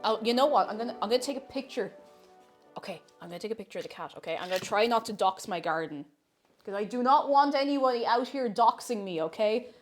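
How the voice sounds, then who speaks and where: A young woman talks casually and playfully to her stream from her kitchen, sometimes slipping into cooing baby talk. Her voice sits a little high and swings up and down a lot. Soft music plays faintly underneath. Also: expressive, quick pace. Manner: chatty and playful, coos in baby talk to a cat. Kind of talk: casual livestream chat while baking. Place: home kitchen.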